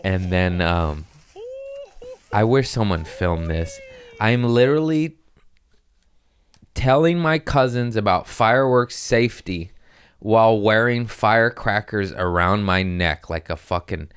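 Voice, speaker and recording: A podcast host with a smooth, fairly low voice talks at a measured pace, telling rambling stories in casual conversation and animatedly acting out quotes. The sound is studio quality with no room sound.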